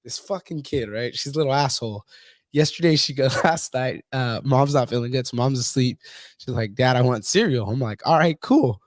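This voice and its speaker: A man's voice: mid-range voice, normal speed, no echo, clean studio sound. Profane laughing male podcast host. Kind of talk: casual podcast chat.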